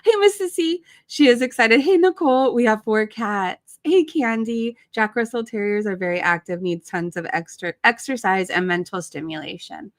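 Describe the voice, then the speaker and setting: A woman's voice: on the high side, fairly bright tone, no room sound, studio quality. A middle-aged woman chatting casually from home as a livestream host, greeting viewers by name. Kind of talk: casual chat.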